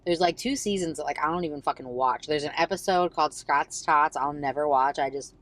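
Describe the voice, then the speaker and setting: A woman's voice: sits low, brisk. A woman in her forties co-hosting a podcast, telling long rambling stories in casual chat, full of fillers and freely swearing. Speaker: podcast co-host.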